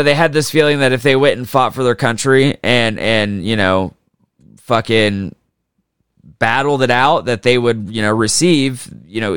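Male podcast host, casual and crude storytelling, smooth clear voice, dry close-mic sound. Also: medium pitch, a bit bright, no echo. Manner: profane, jokey, does mocking voices for historical figures.

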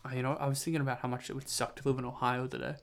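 A man's voice: mid-range voice, little pitch movement, racing, fairly bright tone. A young man hosting a solo podcast, rambling through loose tangents with lots of fillers and restarts, tired and self-mocking. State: tired, yawning. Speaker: podcast host.

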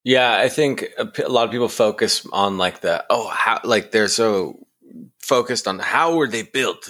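A man's voice: fairly low pitch, moderate pace, fairly bright tone. A man co-hosting a casual conspiracy podcast, talking animatedly and swearing freely. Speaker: podcast co-host.

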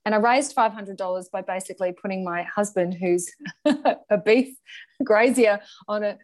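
A middle-aged woman, a guest in a conversational interview, telling her story in an animated way and often laughing. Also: mid-range voice, moderate pace. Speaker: guest, charity founder.

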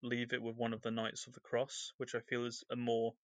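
In a dry recording, a man talks fairly quickly in a medium pitch with a completely flat delivery. He is a podcast co-host loosely recapping chapters of a novel, full of fillers, in a casual discussion of the book.

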